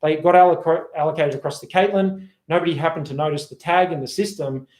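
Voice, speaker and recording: A man giving a sales training talk, energetic, acting out sample phone calls as he explains. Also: on the high side, a little fast. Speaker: sales coach. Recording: roomy echo.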